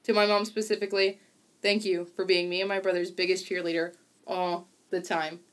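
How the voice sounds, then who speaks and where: A woman's voice: on the low side, flat delivery, fairly quick. A woman in her twenties co-hosting a podcast in casual chat, bubbly and giggly. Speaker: podcast co-host.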